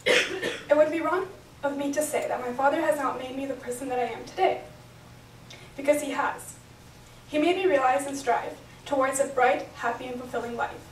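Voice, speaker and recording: A woman's voice: sits high, moderate pace, a little hiss or hum. A young woman reading an earnest, emotional prepared speech at a celebration, recorded from far off in an echoey hotel function room. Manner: earnest, reads from notes, emotional. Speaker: bat mitzvah speaker.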